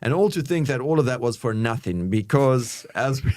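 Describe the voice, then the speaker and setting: A man's voice: expressive, a little mellow, no room sound. A man co-hosting a live crypto news show, talking casually and calling people bro. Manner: casual, says bro and man, quick pitch. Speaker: co-host.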